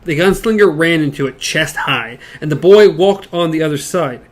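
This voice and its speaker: A man co-hosting a casual book discussion podcast, reading passages aloud haltingly with stumbles and side comments. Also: on the high side, expressive. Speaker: podcast co-host.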